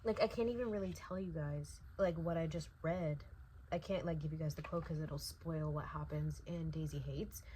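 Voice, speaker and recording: A young woman in her twenties chatting casually in a reading vlog, emotional, often dropping into a hushed whisper. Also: low-pitched, normal speed, a little hiss or hum. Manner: emotional, swings between hushed whispers and excited outbursts. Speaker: book vlogger.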